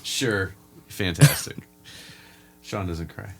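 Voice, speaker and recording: A man hosting a podcast, asking interview questions in a relaxed way, with quick laughs and short replies of agreement. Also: deep voice, gravelly. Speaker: podcast host.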